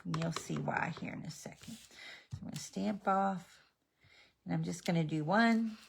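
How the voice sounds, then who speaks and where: Casting note: woman hosting a live craft demo, gravelly fry in her voice, faint hiss on the recording. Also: on the low side. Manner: slow, chatty, talks to her pet between steps. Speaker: stamping demonstrator.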